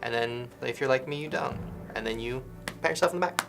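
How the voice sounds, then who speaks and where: A man answering interview questions with deadpan humor. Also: medium pitch, quick pace, gravelly, music in the background. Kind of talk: casual chat.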